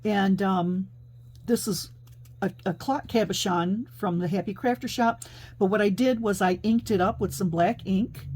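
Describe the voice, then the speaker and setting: A woman's voice: mid-range voice, unhurried, a little mellow, breathy edge. Chatty woman showing off her crafts. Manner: chatty, thinks aloud with many fillers. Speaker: paper crafting host. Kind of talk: casual craft show-and-tell.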